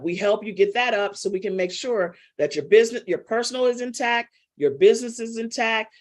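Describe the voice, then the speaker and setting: Woman, middle-aged, business coach, casual, teasing, talks to students directly. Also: medium pitch. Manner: chatty, teasing, calls on students by name. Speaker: business coach teaching a live class. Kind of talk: casual live online class.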